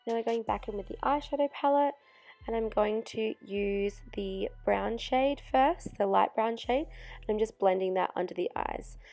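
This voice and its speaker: A woman's voice: mid-range voice, moderate pace, vocal fry, dark tone, faint music behind. A young woman narrating a makeup tutorial voice-over step by step, chatty, while losing her voice. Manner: chatty, step-by-step explaining with fillers. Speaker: makeup artist.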